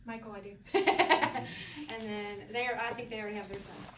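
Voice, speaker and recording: A fairly high-voiced woman leads a relaxed class, joking and laughing as she goes. She sits back from the microphone in a roomy, echoing space, with a faint hiss of room noise underneath. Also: normal speed, recorded from a distance. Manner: playful, laughs often, sing-song when demonstrating. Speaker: Hebrew teacher. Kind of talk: casual classroom teaching.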